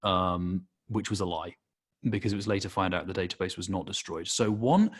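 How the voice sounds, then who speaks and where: A man with a husky, slightly low voice runs through a podcast news roundup. He talks in a chatty way, full of wry asides and self-deprecating jokes. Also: brisk. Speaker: podcast co-host reading news segment.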